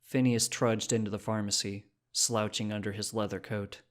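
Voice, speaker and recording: A man reading short stories aloud as narrator, in a steady storytelling manner. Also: fairly low pitch, moderate pace. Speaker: story reader. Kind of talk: scripted narration.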